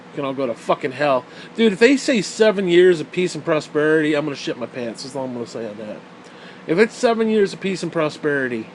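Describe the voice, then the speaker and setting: A man's voice: a little high, a little hiss or hum. A man talking in a casual, rambling rant, profane and sarcastic.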